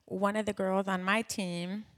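A woman's voice: medium pitch, flat delivery, unhurried. Emotional woman sharing a church testimony. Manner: conversational with fillers, emotional. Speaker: church speaker. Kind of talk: personal testimony in a church talk.

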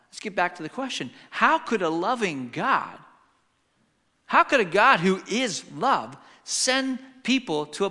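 A middle-aged man preaching a sermon, telling family stories and swinging between hushed and loud. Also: high voice. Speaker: pastor. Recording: long hall reverb.

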